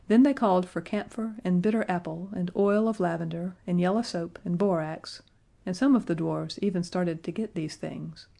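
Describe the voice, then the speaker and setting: Mellow low-voiced woman narrator. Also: vocal fry. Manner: measured, gently expressive. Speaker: audiobook narrator. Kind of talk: scripted storybook narration.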